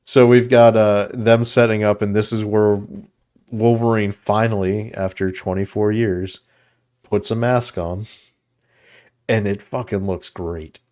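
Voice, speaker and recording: Lowish-voiced man recapping a movie. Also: fairly even intonation, measured pace, a little mellow. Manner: rambling, enthusiastic retelling with laughs and fillers. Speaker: podcast co-host. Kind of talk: casual movie review chat.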